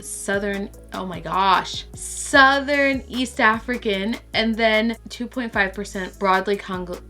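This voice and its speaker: A woman from Brazil chatting excitedly to camera as a vlogger and stumbling over words. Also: medium pitch. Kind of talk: casual chat to camera.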